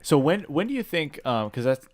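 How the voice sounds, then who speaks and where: A man's voice: fairly high pitch, very animated, moderate pace, a little mellow. A man hosting a podcast, asking his friend questions in a casual interview and laughing often. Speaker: podcast host.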